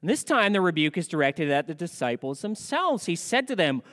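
High, resonant-voiced male preacher. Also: a little fast, big-room sound. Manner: animated preaching with rhetorical questions. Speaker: pastor. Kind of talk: sermon.

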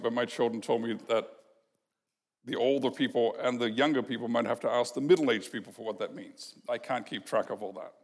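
A man preaching an expository sermon as a pastor, teaching in an emphatic, measured way and posing rhetorical questions to the congregation. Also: medium pitch. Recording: long reverb of a large hall.

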